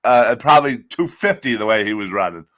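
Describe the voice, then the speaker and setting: A man with a groggy voice co-hosting a casual sports podcast, talking bluntly with profane, animated rants. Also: on the low side, fairly quick. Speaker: podcast co-host.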